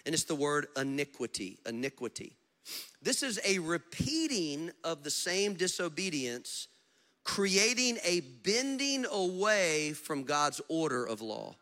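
A man, a pastor, preaching a sermon with big swings between loud emphasis and low storytelling. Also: big pitch swings, unhurried. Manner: tells stories with acted dialogue and asides.

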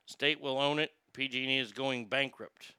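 A man's voice: medium pitch, fairly even intonation, moderate pace, pushed and bright, clean tone, no room sound. A man hosting a talk radio show, blunt and opinionated, swearing when frustrated. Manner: opinionated, rambling asides. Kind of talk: casual talk radio chat.

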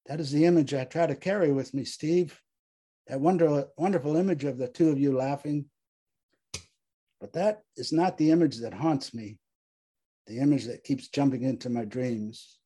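A man's voice: medium pitch, moderate pace, dark tone, husky, close to an everyday voice. A man voicing a haunted male veteran platoon leader who pleads, grieves and snaps in anger. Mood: mournful. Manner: pleading, exasperated, grief-stricken.

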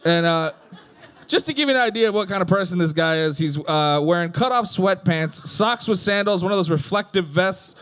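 A man in his thirties doing stand-up, telling a family story deadpan and putting on voices for the punchlines. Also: sits high, moderate pace, clean tone. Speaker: stand-up comedian.

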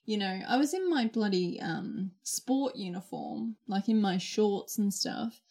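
A woman's voice: medium pitch, a little slow. A young adult woman, chatting casually and exclaiming often as she tells stories. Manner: chatty, exclamatory, lively storytelling. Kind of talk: casual chat.

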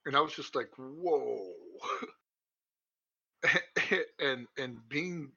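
A man's voice: medium pitch, slow, sharp tone, slightly rough, no room sound. A young man co-hosting a podcast, rambling through crude stories with lots of swearing and laughter. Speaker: podcast co-host. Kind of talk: casual chat. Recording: muffled lo-fi recording.

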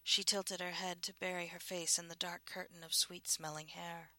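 Hushed, breathy woman narrator. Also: lowish voice, little pitch movement, normal speed, dry recording. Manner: hushed, breathy, often half-whispered. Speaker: audiobook narrator. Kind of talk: scripted narration.

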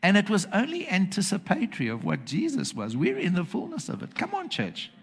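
A man's voice: high-pitched, wildly swooping pitch, a little fast, vocal fry, breathy edge. A man preaching a sermon in church, emphatic and often checking that the congregation is following. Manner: emphatic, asks the congregation for agreement.

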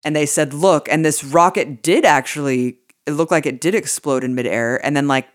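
A woman's voice: low-pitched, normal speed, dry recording, clean studio sound. Indignant, profane woman co-host. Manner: indignant, profane, many "like" fillers. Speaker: podcast co-host. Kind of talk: casual political talk.

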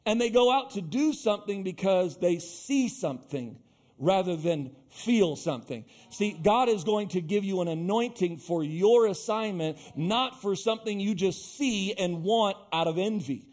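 A man with a notably high voice preaches from the pulpit, reading scripture and then driving his point home with emphatic asides to the congregation. He speaks as the pastor of the church, animated and pressing. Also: a little slow. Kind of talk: sermon.

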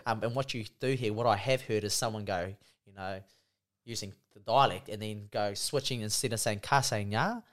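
A man's voice: fairly low pitch, moderate pace, a bit bright. A man with a New Zealand accent, co-hosting a casual, laid-back chat and often saying "bro" and "you know".

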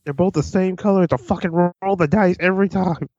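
High, lively man on a dull lo-fi line. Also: fairly quick, no echo. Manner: excitable, swears, laughs often. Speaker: podcast co-host. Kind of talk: casual chat. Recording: dull, dry lo-fi sound.

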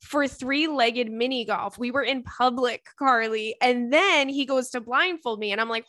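A woman's voice: on the high side, normal speed, hardly any pauses, fairly bright tone, no room sound, clean studio sound. A young woman hosting a podcast in casual, chatty talk, reading listener emails aloud with lots of fillers and swearing. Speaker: podcast host.

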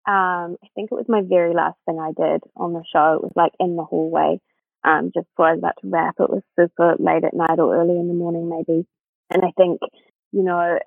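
Husky woman on a tinny phone line. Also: fairly low pitch, no echo. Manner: animated storyteller who acts out quoted voices, laughing often. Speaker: actress guest. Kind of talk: casual interview chat.

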